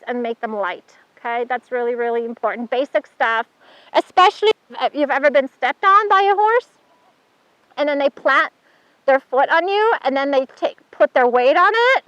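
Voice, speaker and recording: A woman's voice: high-pitched, expressive, moderate pace, a bit bright, no room sound. A woman instructor giving a chatty hands-on horse handling demonstration, praising the horse as she works. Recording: dull dry sound.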